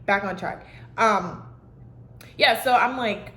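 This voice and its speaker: A woman's voice: mid-range voice, takes it slowly, pauses often, pushed and bright, slight background noise. Candid woman vlogging in an echoey room. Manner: rambling, candid, with many "like" fillers. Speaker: vlogger on healing and mental health. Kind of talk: casual heartfelt vlog talk. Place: alone in a room at home with plants and a dog. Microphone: self-recorded camera.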